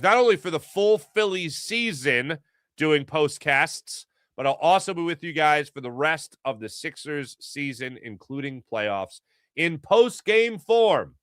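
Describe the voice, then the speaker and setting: A middle-aged man from Philadelphia hosting a casual sports talk show, telling animated stories and acting out voices. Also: a little high, dry recording, clean studio sound. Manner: animated storytelling, acts out voices.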